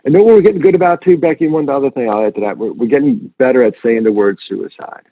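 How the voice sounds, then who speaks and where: A man with a slightly husky voice talks earnestly as an interview guest, repeating key points for emphasis. His voice comes through a thin, phone-like line. The sound is close and dry. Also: mid-range voice, fast talker, no echo. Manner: earnest, animated storyteller, emphatic repetition. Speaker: guest speaker. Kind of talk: conversational interview.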